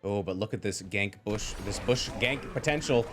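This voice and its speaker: A man casting a live esports match, excitable and jokey, quick to laugh and riff on the action. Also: on the low side, soft background music. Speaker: esports play-by-play caster. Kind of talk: lively live game commentary.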